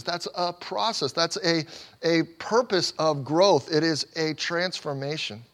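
A man's voice: fairly high pitch, normal speed, a bit bright. A man preaching a sermon as a pastor, earnest and emphatic, building points through repeated phrases and frequent small restarts.

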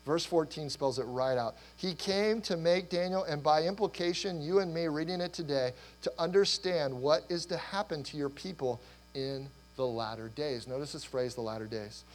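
Middle-aged male pastor, slightly high voice, hoarse, rambling and animated sermon delivery. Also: normal speed, a little hiss or hum, rough recording. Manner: animated, rambling with restarts and laughter. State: losing his voice.

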